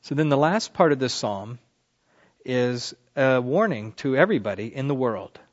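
Guy giving a sermon, walks through scripture verse by verse, middle pitch, bit dull lo-fi sound. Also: animated, moderate pace. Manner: expository, reads scripture aloud with rising emphasis. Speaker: preacher.

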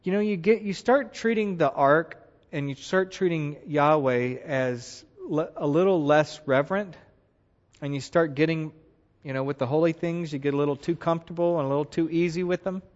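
A man retells a Bible story in an animated, conversational teaching style. His voice sits a little high. The sound is dull, with a long reverb trailing off. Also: moderate pace.

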